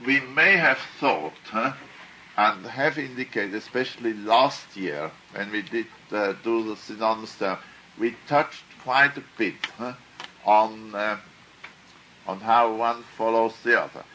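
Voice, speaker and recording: Slow-speaking man lecturing a class. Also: lowish voice, bright, forceful tone, slight background noise, poor audio. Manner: questioning, repeats questions, frequent "huh?". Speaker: teacher.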